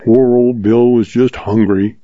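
A man's voice: mid-range voice, fairly even intonation, a little slow, dark tone, no echo, muffled recording, natural voice. A man doing a sly, folksy young cowboy. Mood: defensive.

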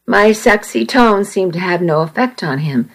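A woman reading a first-person story aloud, slowly, evenly and carefully. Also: medium pitch, expressive, low-quality recording. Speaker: narrator.

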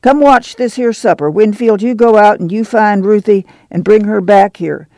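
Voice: mid-range voice, normal speed, a little mellow, no echo, lightly acted. A reader voicing a weary, tough older farm mother who speaks in a rural drawl. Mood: firm. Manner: rural drawl, firm and plain-spoken.

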